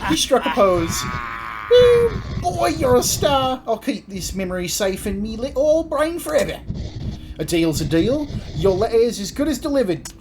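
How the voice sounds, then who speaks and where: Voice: mid-range voice, sing-song, a little slow, noisy background, voice pushed up. A gamer voicing a cheery, clout-hungry male demon postman in a put-on New Zealand accent, eager and chummy. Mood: excited. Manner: chummy, eager, calls people mate.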